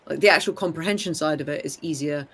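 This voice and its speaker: Casual male co-host, higher-pitched, easy laughter, trailing sentences. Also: fast, a bit bright, husky. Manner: chatty, laughs often, trails off. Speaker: podcast co-host. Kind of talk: casual chat.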